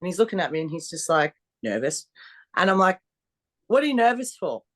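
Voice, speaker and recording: A woman's voice: lowish voice, fast. A woman, a strongwoman athlete telling blunt, swear-filled stories in a casual interview. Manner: blunt, swears freely, animated storyteller. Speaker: podcast guest, strongwoman athlete.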